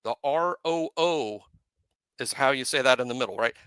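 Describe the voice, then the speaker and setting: Bright, crisp-sounding sports podcast co-host. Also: male voice, mid-range voice, no echo. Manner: playful, self-mocking, spells words out slowly. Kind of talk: casual sports podcast chat.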